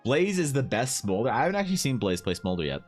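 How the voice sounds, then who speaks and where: A man's voice: sing-song, fast talker, faint music behind. A man streaming while he draws, chatting casually and joking with viewers as he reads their messages. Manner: joking, teasing chat with swings in pitch. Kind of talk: casual live-stream chat.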